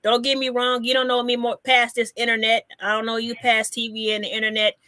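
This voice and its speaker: A woman's voice: on the high side, monotone, a little fast, bright, forceful tone, dry recording, clean studio sound. A woman comedian hosting a casual live chat, brassy and teasing, repeating herself for emphasis.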